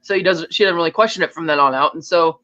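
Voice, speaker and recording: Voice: medium pitch, fast, pushed and bright. A podcast co-host in casual chat, retelling a film's plot scene by scene and acting out the characters' lines. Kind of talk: casual film recap chat. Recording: dull lo-fi audio.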